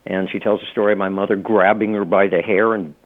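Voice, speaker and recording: A man's voice: fairly low pitch, steady tone, quick pace. A middle-aged man, an author and law professor, chatting as an interview guest, rambling with many restarts and fillers. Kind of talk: casual interview talk. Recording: tinny phone-line audio.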